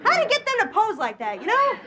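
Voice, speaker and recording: A very high-pitched young woman from Long Island does quick, punchy stand-up with a lively, bouncing voice. She performs on a TV studio stage. A loud studio audience roars over a noisy broadcast. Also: a crowd in the background. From Long Island, New York. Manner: quick, punchy delivery with bursts of laughter. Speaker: stand-up comedian. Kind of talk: stand-up routine and talk-show chat.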